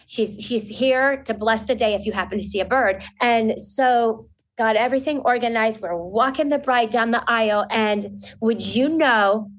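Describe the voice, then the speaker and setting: A woman who works as a wedding coordinator, answering interview questions and telling stories with lively acted-out quotes. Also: fairly high pitch, poor audio. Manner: animated storyteller, acts out quotes.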